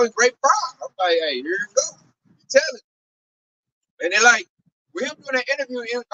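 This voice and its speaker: A man preaching in loose street slang, bright and bold in tone. He keeps slipping into other people's voices to act out what they said. He sounds a little off the mic, as if recorded from some distance. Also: very high-pitched. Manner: slangy, acts out quoted voices. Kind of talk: street-style sermon commentary.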